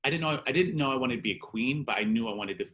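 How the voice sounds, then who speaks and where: A man's voice: medium pitch, expressive, fast talker, fairly bright tone. A man telling a personal story in an interview, candid and emotional, acting out the dialogue and peppering his speech with "like". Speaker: drag performer and interview guest.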